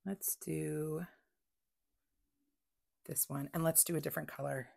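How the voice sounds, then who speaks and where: A woman chats through a crafting unboxing at home. Her voice sits a little low and her pace is unhurried. She gushes with excitement and sometimes drops to a breathy whisper. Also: a little hiss or hum. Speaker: crafting vlogger. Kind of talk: casual unboxing chat.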